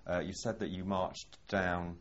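A male interviewer asking measured, probing questions in an oral history interview, with some hesitations. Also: sits low, flat delivery. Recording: dull lo-fi tape with faint hiss.

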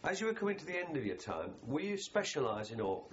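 A man interviewing for an oral history project, asking questions that gently prompt the speaker. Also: a little high, sing-song, quick pace. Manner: prompting questions, apologetic and encouraging. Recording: dull lo-fi recording with clear hiss.

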